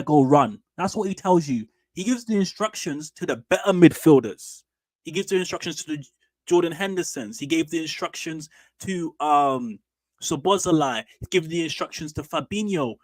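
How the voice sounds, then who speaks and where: Guy ranting on his stream, slangy and opinionated, kinda high voice, dry mic. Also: dry recording. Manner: animated, opinionated, slangy and repetitive. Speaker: streamer and fan channel host. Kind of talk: casual football commentary stream.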